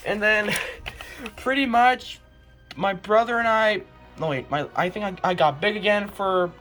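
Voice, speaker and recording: A young woman with a medium-pitched voice reads her own old comics out loud. She adds animated, exasperated comedic commentary and laughs in disbelief.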